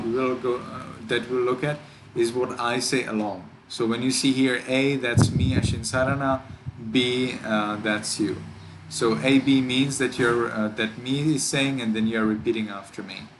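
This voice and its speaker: A man who is a Buddhist monk, teaching a class how to pronounce chant words and drawing each word out slowly and carefully. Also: mid-range voice, fairly even intonation, background noise. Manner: slow, careful, demonstrates words by drawing them out.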